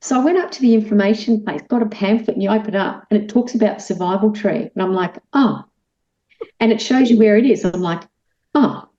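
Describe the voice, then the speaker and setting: An Australian woman, a guest on a talk show, tells a personal story in a lively way and acts out her own lines. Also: mid-range voice, fast talker, few pauses. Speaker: guest, animal communicator. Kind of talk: storytelling in casual chat. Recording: echoey room, dull lo-fi sound.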